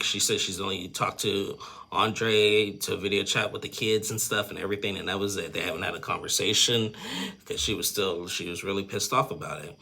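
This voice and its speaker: Moving at a brisk clip, a low-voiced man with a gravelly, husky edge chats through a reality show episode recap. His steady tone carries a bright, sharp bite as he rambles with plenty of fillers, blunt takes, and laughter.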